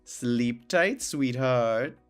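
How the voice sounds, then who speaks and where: A man's voice: mid-range voice, expressive, extremely slow, soft background music. An actor playing a possessive male coworker who talks in a sugary, overly familiar way. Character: clingy possessive male coworker, young adult. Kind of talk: scripted dialogue drama.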